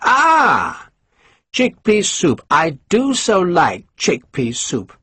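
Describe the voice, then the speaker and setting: A man putting on a suave, scheming English colonel in an audiobook, smooth and condescending with a somewhat high, husky voice. His lines rise and fall in a lively, lecturing way. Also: drawn-out words, no echo, heavily acted.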